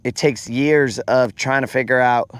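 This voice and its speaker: This man's voice is clear and resonant, a little slow, with no room sound, as he hosts a fishing stream. He chats casually with viewers, tells slangy, animated stories, and acts out quotes in a higher pitch.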